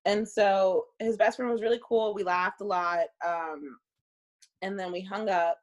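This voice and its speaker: A young woman casually telling a dating story, animated and profane, laughing often. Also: mid-range voice, measured pace.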